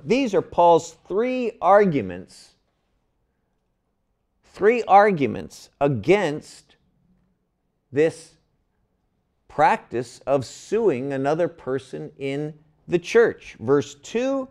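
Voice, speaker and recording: An older man gives a Bible lesson at an unhurried pace, his voice rising and falling in a lively way. He puts questions to his class and leans hard on the words he wants them to catch. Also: on the high side. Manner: animated, asks the class questions, stretches key words. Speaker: Bible teacher.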